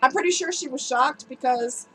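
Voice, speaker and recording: A woman's voice: high voice, moderate pace, pushed and bright, faint music behind, low-quality recording. A woman vlogger with a cold, telling a personal story to her viewers in a candid, emotional, chatty way. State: has a cold, voice slightly strained.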